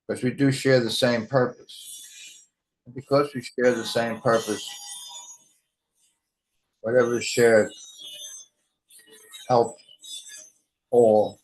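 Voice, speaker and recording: Slow, measured man leading a study group. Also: medium pitch, fairly even intonation, poor audio. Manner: gentle, measured, thanking each speaker in turn.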